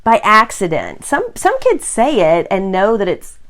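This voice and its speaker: Laughing, animated woman storyteller. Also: mid-range voice, measured pace. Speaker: podcast co-host. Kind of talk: casual storytelling chat.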